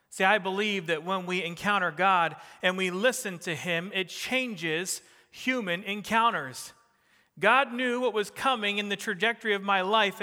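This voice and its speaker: A middle-aged man with a New Jersey accent preaching a sermon, swinging between emphatic rising bursts and soft, quiet drops. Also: high voice, big-room sound. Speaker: pastor.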